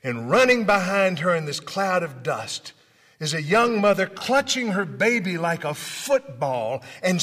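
A motivational speaker from Memphis, Tennessee, tells stories to an audience in a hall with long reverb. He dramatically acts out the dialogue, his high, sing-song voice sinking to a hush and rising loud at a measured pace.

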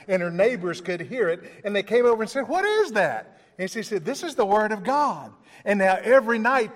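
A man delivers a sermon in a fairly high voice, acting out the dialogue in his stories and chuckling as he goes. His voice carries a long reverberant tail from a large hall. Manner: storytelling with acted-out dialogue and chuckles. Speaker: preacher.

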